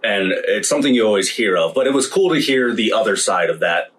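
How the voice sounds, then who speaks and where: A man's voice: lowish voice, expressive, fairly quick, fairly bright tone, slight background noise, low-quality recording. A man co-hosting a casual podcast chat, hesitant, with stumbling restarts. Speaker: podcast co-host.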